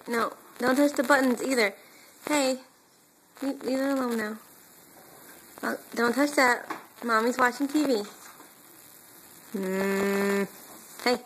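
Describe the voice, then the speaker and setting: A woman's voice: a little high, fairly bright tone, a little hiss or hum, poor audio. A woman filming her baby at home on a phone, coaxing him to crawl and cheering him on in baby talk. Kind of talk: home video. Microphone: phone camera.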